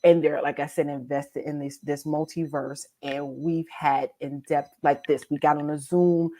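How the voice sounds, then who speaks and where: Animated woman author on a video call. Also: moderate pace. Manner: animated, acts out quotes with big jumps in pitch; talks in bursts with restarts and laughter. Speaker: indie author on a publishing panel. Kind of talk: casual panel chat.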